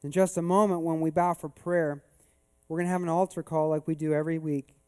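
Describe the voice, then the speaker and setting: A man preaching at a church service, his voice set high for a man but warm and soft in tone. He moves from easy, chatty storytelling into pressing rhetorical questions to his congregation. His delivery stays that of a pastor leading worship. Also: level tone, fairly quick, clear, resonant tone. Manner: conversational storytelling building to emphatic rhetorical questions. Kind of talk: sermon.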